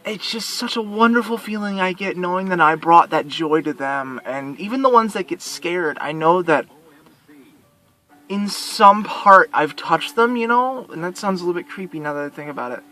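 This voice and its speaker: Earnest male vlogger, high-pitched, rambling monologue. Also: animated, moderate pace, bright, forceful tone, faint music behind. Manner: earnest and rambling, with repeated restarts. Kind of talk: heartfelt personal vlog monologue.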